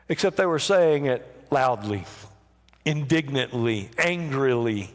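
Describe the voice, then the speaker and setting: Male pastor, slow emphatic sermon, church hall reverb. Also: medium pitch, animated. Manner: emphatic preaching, swings from hushed to raised. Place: church sanctuary.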